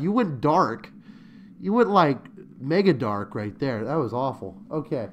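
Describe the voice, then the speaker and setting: A man's voice: a little high, very animated, moderate pace, slight background noise. A man hosting a casual online interview, joking around and breaking into sung lines. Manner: playful, joking, bursts into sung lines and laughter. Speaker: host. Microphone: remote call.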